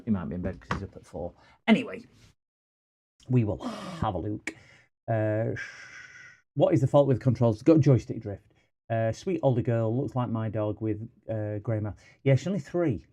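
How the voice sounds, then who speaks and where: A man's voice: fairly low pitch, warm tone. A man hosting a repair livestream, chatting casually and rambling with lots of fillers. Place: home workshop.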